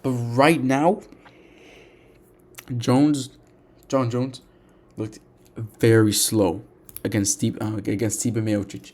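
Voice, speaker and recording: Excitable young man ranking fighters. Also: mid-range voice, slow pace, long pauses. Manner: animated, repetitive, restarts often, says "bro" and "dude". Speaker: MMA commentator. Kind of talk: casual opinion monologue.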